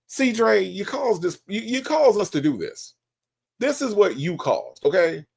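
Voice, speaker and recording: Teasing man with a lively gravelly voice. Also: high-pitched, unhurried. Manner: teasing, repetitive, animated. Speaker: show host. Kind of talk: casual commentary on a call recording.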